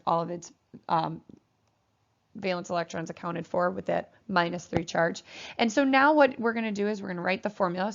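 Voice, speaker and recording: A woman's voice: fairly low pitch, vocal fry. A woman chemistry teacher giving a classroom lecture, explaining bonding and sometimes voicing the atoms playfully. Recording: muffled lo-fi classroom recording.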